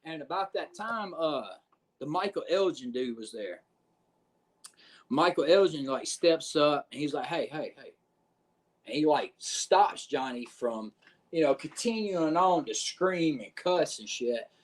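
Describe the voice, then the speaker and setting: A man telling a backstage wrestling story on a podcast, animated and profane, acting out what others said. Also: on the high side, unhurried. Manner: profane, animated retelling with quoted voices. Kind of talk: casual storytelling.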